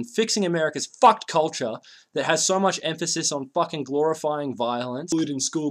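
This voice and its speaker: A man's voice: on the high side, fairly quick. A man in a played video clip, ranting crudely with constant swearing in an abrasive comic style. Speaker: video ranter. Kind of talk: profane comic rant.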